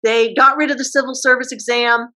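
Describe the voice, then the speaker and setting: A woman history teacher giving a casual classroom lecture, posing quick questions and using slang. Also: fairly high pitch, fairly even intonation, pushed and bright, poor audio.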